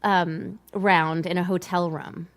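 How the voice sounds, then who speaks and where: A woman's voice: lowish voice, slow pace. A woman hosting a casual video-call chat, telling stories with plenty of laughter. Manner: animated, laughing storyteller. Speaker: host.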